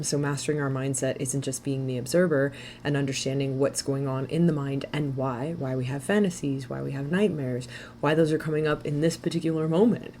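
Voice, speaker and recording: A woman mindset coach as a podcast guest, talking fast and animatedly and laughing often. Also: very deep voice, mellow, a little hiss or hum. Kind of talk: podcast interview.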